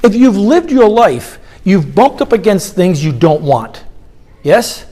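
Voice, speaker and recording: A man's voice: high voice, slow pace. A middle-aged man giving a live motivational talk with a guided meditation, questioning the audience as he goes. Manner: animated, engages audience with questions. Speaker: motivational speaker. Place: conference hall.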